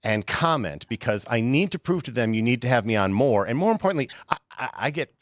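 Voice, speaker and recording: A man appearing as a comedian guest in a casual chat, rambling and stammering through deadpan jokes. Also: medium pitch, fast talker, dry recording, studio quality.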